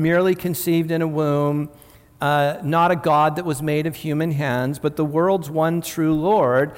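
A man in his fifties preaching a sermon as pastor, in an earnest teaching tone with frequent restarts and asides. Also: a little high. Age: 50s. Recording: reverberant hall.

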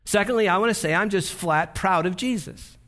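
A man's voice: sits high, brisk, fairly bright tone. A man preaching a sermon as a pastor, in a conversational, folksy way with rhetorical asides.

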